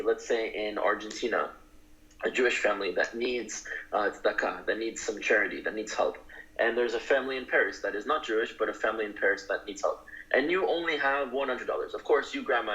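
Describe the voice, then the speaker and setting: A man speaks in an interview with an earnest, emphatic delivery that rises into passionate declarations. His voice sits at a middling pitch. The recording is slightly dull and muffled. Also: a bit bright. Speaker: guest advocate. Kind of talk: interview talk.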